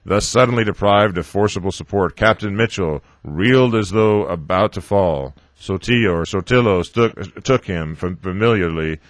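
A man reading a novel aloud, haltingly, often stumbling over words and correcting himself. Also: low voice, dry recording. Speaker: reader.

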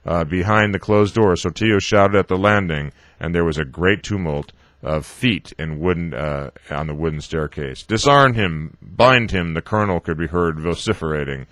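A man reading a novel aloud, haltingly, often stumbling over words and correcting himself. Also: low voice, a bit bright, no echo. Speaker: reader.

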